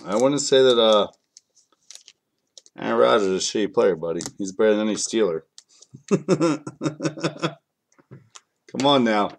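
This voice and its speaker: A man's voice: lowish voice, expressive, unhurried, creaky, pauses often, a little hiss or hum. A man with kids, a bit sick, hosting a live card break in a casual, joking way and talking to viewers by name. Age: adult, has kids. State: a bit sick, clearing throat.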